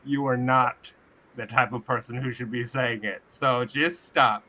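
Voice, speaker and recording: Man, tabletop player, relaxed, rambling, bright voice. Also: mid-range voice, a little slow, slight background noise. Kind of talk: casual table talk.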